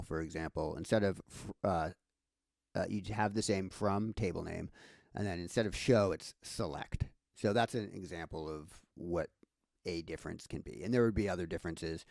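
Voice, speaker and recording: A man's voice: sits low, creaky, a little mellow, dry recording, studio quality. A man giving a casual screen-share tutorial, thinking aloud with many fillers and restarts. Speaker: instructor.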